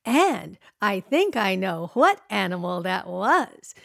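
A woman's voice: mid-range voice, very animated, slow pace, vocal fry, fairly bright tone, dry recording, clean studio sound. Playful woman hosting a kids' radio show. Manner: playful, sing-song, teasing guessing games. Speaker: children's radio show host. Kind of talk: cheerful talk to young children.

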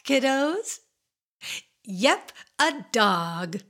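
A woman hosting a children's radio show, talking playfully and singing slowly to small kids. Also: fairly high pitch, vocal fry. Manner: slow, sing-song, animated talk to kids.

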